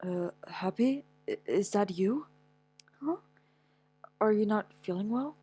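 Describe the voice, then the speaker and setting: A woman voicing a calm young male coworker who speaks slowly and with concern. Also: medium pitch, slightly rough, no echo, soft background music. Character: polite young adult man, a coworker.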